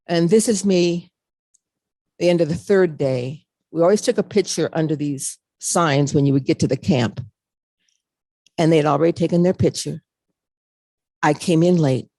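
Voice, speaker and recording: Older woman telling a lively story. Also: fairly low pitch, no room sound. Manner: animated storytelling, acts out her own reactions. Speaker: speaker. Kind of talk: motivational talk.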